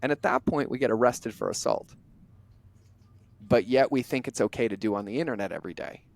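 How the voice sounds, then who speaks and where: A middle-aged man, a podcast guest, telling stories in a blunt, animated way and acting out bits of dialogue as he goes. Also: mid-range voice, gravelly. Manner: animated, acts out imagined dialogue in quick bursts; blunt, drops the odd curse. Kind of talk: conversational interview storytelling.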